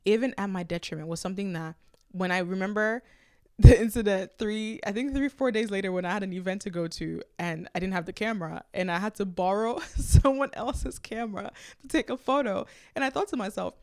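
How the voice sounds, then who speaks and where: A woman's voice: medium pitch, fairly quick, dry recording, studio quality. A woman hosting her own podcast, talking candidly and casually, telling stories with animation. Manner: candid, conversational, animated storytelling. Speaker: podcast host. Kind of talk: casual solo podcast talk.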